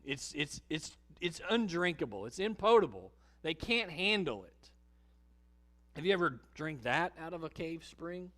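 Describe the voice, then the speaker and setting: A middle-aged man preaching a sermon in a church, telling vivid stories and dropping his voice low and quiet to drive points home. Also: unhurried. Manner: storytelling, vivid and animated, drops low and quiet for emphasis. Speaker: pastor. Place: church sanctuary.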